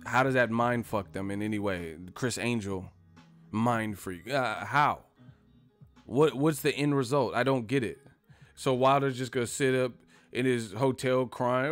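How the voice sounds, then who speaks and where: A man's voice: mid-range voice, normal speed, dry recording, faint music behind. Profane rambling male stream host. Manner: profane, rambling, laughs often. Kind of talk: casual live-stream chat.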